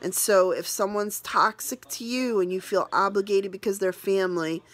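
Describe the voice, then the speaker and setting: A woman's voice: mid-range voice, steady tone, moderate pace. Earnest, tearful woman vlogger. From New England. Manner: earnest, tearful, rambling with restarts. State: emotional, near tears. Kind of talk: emotional personal vlog.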